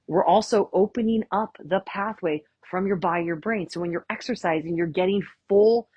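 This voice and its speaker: A woman chiropractor, giving a lively, chatty workshop talk and often asking "right?". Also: mid-range voice, normal speed, slightly rough, dry recording, lo-fi sound. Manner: chatty, tags lines with "right?", acts out quotes. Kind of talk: casual, enthusiastic presentation.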